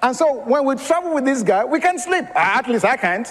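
A male pastor preaching a sermon with a high, light voice. He moves between scripture and lively storytelling, breaking into laughter at times. His voice rings with a long reverb from a big hall. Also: normal speed.

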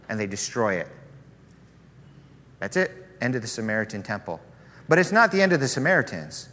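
A man preaching a sermon in a relaxed, conversational storytelling manner. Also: mid-range voice, brisk, pauses often. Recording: long hall reverb.

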